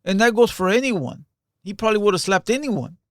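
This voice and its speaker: A man's voice: high voice, lively intonation, fairly quick, dry recording, clean studio sound. A man giving casual reaction commentary in loose, emphatic street slang, peppered with "bro".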